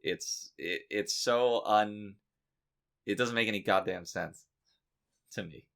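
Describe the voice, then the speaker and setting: A man with a low, gravelly voice co-hosts a casual comedic podcast. He talks in a dry, exasperated way and drops profane asides. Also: takes it slowly, fairly bright tone. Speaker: podcast co-host.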